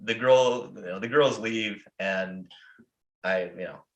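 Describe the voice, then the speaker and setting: A man's voice: fairly low pitch, slow pace, vocal fry, muffled recording. Profane, rambling American man. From United States. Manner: profane, rambling, heavy on fillers. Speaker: podcast host. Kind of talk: casual storytelling. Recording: roomy echo.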